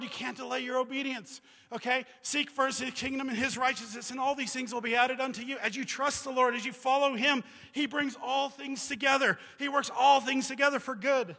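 A man's voice: very high-pitched, steady tone, fairly quick, vocal fry, bright, forceful tone. A man in his forties, a missionary preacher giving a sermon in a loose, rambling way, full of "you know" and "like.". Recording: reverberant hall.

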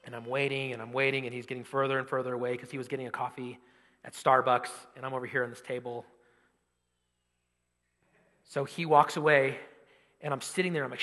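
A young man preaching, telling a personal story with animated energy and rising volume as he drives to his point. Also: a little high. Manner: animated storytelling, loud when quoting himself. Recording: long hall reverb.

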